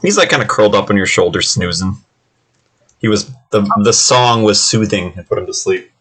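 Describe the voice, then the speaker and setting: A man's voice: lowish voice, moderate pace, fairly bright tone, husky. A man narrating as game master of a tabletop game, loose and full of fillers.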